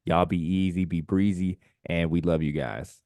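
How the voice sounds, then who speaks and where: A man's voice: low-pitched, fairly even intonation, moderate pace, a little mellow, no echo, clean studio sound. A man co-hosting a casual podcast, urging listeners in a preachy way and ending lines with "man". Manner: preachy, repeats "man" at line ends. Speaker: podcast co-host.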